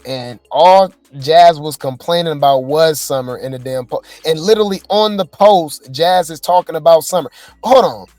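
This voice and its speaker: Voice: mid-range voice, moderate pace, darkish tone, no echo. Gossip host, chatty reaction commentary, dry close sound, faint music. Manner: casual, exclaiming, chatty.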